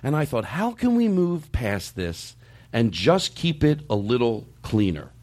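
Animated man rambling with sarcasm. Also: mid-range voice. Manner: rambling, halting, many restarts and fillers; openly sarcastic at times. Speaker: podcast host. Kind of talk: casual discussion.

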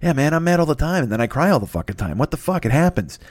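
A man's voice: on the high side, sing-song, fast, darkish tone, no echo. A man hosting a podcast in a rambling comic monologue, profane and self-mocking, often stammering and restarting his sentences. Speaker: podcast host.

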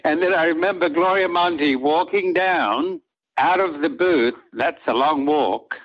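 An older man with a husky voice, a soap opera actor telling rambling anecdotes in an interview and acting out what others said. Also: a little high, unhurried, muffled recording. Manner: rambling, acts out quoted lines of others.

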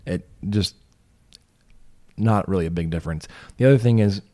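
A man's voice: deep voice, normal speed, dark tone. A man hosting a casual podcast chat, joking and rambling, his voice a bit worn from losing it. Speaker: podcast host.

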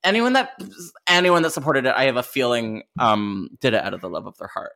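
Podcast co-host, mid pitch, lively self-mocking banter, casual chat. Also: fairly quick.

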